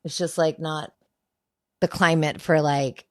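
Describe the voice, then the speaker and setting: A woman's voice: deep voice, unhurried, dry recording, clean studio sound. A woman dog trainer chatting as a podcast guest, telling stories with lots of "like" and acting out what people say. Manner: animated storyteller, acts out voices, lots of "like". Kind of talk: casual podcast chat.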